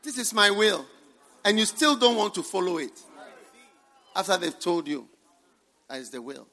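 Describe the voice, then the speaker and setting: A man, a bishop preaching a sermon to a congregation, emphatic, with bursts of shouting, laughter and repeated phrases. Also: high voice, sing-song, moderate pace, vocal fry. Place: church hall with congregation.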